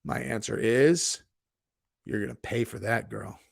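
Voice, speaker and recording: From his Texas home, a streamer host keeps up casual chat with his live viewers, cursing freely and dropping "dude" into almost everything he says. His voice is gravelly, medium-pitched, and mid-range, a little slow and laid-back. It's recorded close and dry, without room sound.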